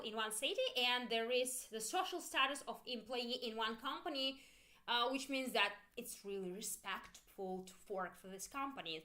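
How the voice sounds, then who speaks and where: A woman with a bright, fairly high voice teaches an online English grammar lesson. Her intonation swings widely as she stresses words. Her first language is Russian, and she repeats each phrase so learners can echo it.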